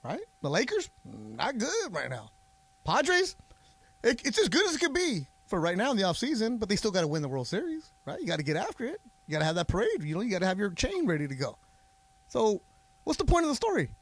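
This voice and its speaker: A man's voice: high voice, huge pitch swings, a little fast, no echo. A man co-hosting a sports radio show, teasing his partner with blunt wisecracks. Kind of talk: casual sports radio banter.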